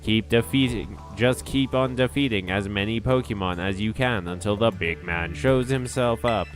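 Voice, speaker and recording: A man's voice: lowish voice, normal speed, soft background music, natural voice. A man reading as a terse mission strategist. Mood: briefing.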